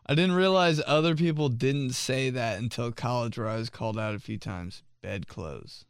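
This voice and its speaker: A man with a medium-pitched, smooth voice hosts a podcast at a normal speed, reading listener submissions in a casual comedic chat. He's animated and jokey, laughing often. The studio-quality recording has no room sound.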